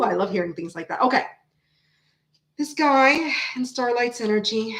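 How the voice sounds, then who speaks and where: A brash, chatty woman reads tarot live and swears freely. Her voice sits fairly high. It rings in an echoey room. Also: lively intonation, moderate pace, a bit bright. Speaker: tarot reader. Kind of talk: live-stream tarot reading with chat.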